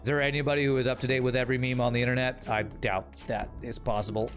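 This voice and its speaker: A young man casually narrating his game while answering chat, dry and teasing. His voice sits at an ordinary middle pitch, and faint game music plays under him. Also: level tone, fast. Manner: wry, teasing, talks to chat while playing. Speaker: streamer.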